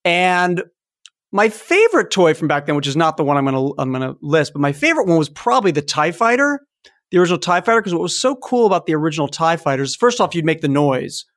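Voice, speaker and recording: A man in his fifties hosting a podcast, telling childhood stories in a casual, animated way. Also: on the high side, fast talker. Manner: animated storytelling, acts out toy sounds. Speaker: podcast host. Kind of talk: casual chat.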